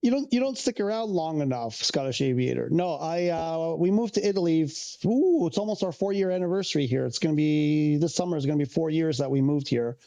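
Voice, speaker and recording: A man's voice: fairly high pitch, a little fast, few pauses, dark tone. A man from Canada, chatting casually on a livestream, rambling and restarting as he answers viewers' questions. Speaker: streamer.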